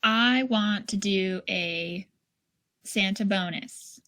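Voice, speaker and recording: Slow-talking woman with dry quips. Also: mid-range voice, fairly bright tone. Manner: short, dry reactions and brief answers. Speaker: guest player. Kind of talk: casual board game play-through.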